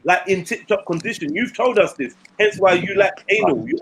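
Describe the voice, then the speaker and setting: A man tells a story in animated, blunt, slangy chat. His voice sits fairly high. There is faint noise behind him. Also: a little fast. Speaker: podcast co-host.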